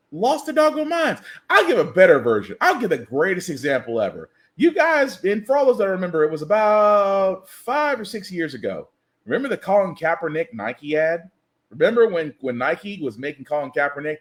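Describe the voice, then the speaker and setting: A man hosting a podcast, delivering a satirical news commentary monologue with incredulous, ranting comic asides. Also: high voice. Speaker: podcast host. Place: lives in the US South.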